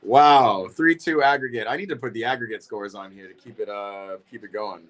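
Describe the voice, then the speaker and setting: Young dude hosting a footy watch stream, chill, reacting and reading chat. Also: male voice, lowish voice, fairly even intonation, fairly quick, sharp tone. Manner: casual, reactive, greets chat by name. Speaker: livestream host. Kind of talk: football watch-party commentary.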